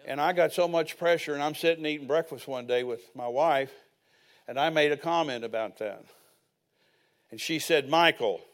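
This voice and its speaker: A man's voice: on the high side, moderate pace. An older man preaching a sermon as pastor, telling personal stories with folksy asides.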